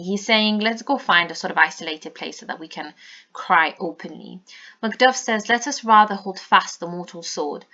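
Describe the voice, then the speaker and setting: A woman teaching exam revision, explaining patiently and filling her pauses with ums. Her voice sits a little low but sounds bright and forward. The recording is dull and lo-fi. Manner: explanatory, many fillers. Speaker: English teacher. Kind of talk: revision lesson, annotating a play.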